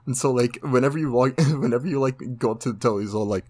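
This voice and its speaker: A man's voice: medium pitch, quick pace, mellow. A young man from Canada, co-hosting a casual chat, telling stories full of fillers and swearing. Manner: filler-heavy storytelling, swearing, laughing. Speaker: podcast co-host.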